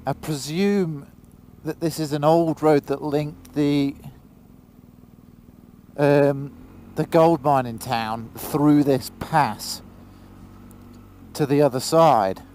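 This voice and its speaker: A man's voice: on the high side, steady tone, takes it slowly, pauses often, darkish tone, a little hiss or hum. A man chatting casually into a helmet camera while riding a motorbike outdoors in pouring rain, exclaiming and swearing now and then. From Britain. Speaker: motorcycle vlogger. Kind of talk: casual vlog commentary.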